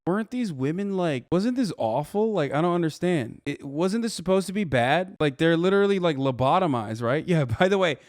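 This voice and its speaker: Loud, mocking young man streamer. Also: on the high side, animated, a little fast, hardly any pauses, dry recording, clean studio sound. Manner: loud, mocking, profane, emphatic. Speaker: streamer reacting to videos. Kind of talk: casual reaction commentary.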